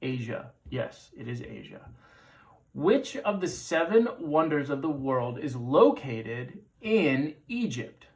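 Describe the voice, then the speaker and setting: A man's voice: medium pitch, big pitch swings, slow, a little mellow. A man in his thirties hosting a trivia quiz, repeating questions with playful jokey asides. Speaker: trivia show host.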